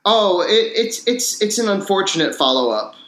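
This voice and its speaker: A man's voice: high voice, sing-song, fairly bright tone, roomy sound. A man hosting a casual movie-review chat, wry and playful, heard through a tinny video-call microphone. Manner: wry, playful, quick to laugh. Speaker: podcast host. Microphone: laptop video-call microphone.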